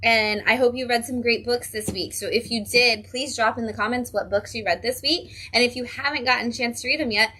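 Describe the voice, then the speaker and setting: A woman's voice: on the high side, fairly quick, few pauses, sharp tone. A woman hosting a casual livestream from a comic book shop. She is chatty and upbeat and drops in frequent ums.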